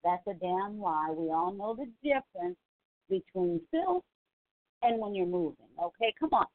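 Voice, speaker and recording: Woman, mid pitch, sassy mocking commentary, narrow phone-like audio. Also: big pitch swings, normal speed. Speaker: commentary vlogger. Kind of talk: casual commentary. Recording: tinny phone-like sound.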